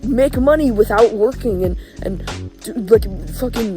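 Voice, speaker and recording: A young motivational vlogger with a very high, animated voice rants casually and a little slowly. He's emphatic and profane, leaning heavily on "like" as filler, with his voice laid over clear background music.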